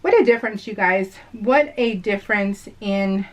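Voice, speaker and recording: A woman's voice: mid-range voice, normal speed, dull audio. A woman talking casually to her viewers in a rambling voice-over, full of fillers and frequent laughter. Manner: rambling, lots of fillers, addresses viewers as "you guys"; laughs often while telling stories. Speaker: vlogger.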